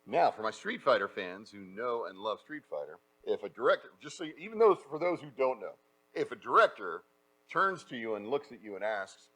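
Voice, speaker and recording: Middle-aged male voice actor, animated panel storyteller. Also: medium pitch, fairly quick, low-quality recording. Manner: energetic storyteller, acts out quotes. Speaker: voice actor giving a talk. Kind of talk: conference panel talk.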